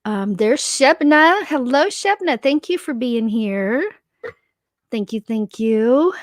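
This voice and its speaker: A woman's voice: fairly high pitch, lively intonation, slow, dry recording, clean studio sound. A woman co-hosting a casual livestream from her home, chatting and reading viewer comments aloud. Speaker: livestream co-host.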